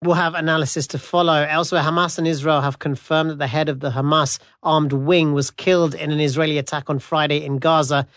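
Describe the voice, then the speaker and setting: A male presenter reading the news headlines in a crisp, formal delivery. His voice sits a little high. The studio is dry and close-miked. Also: flat delivery, brisk, few pauses, a bit bright, dry recording.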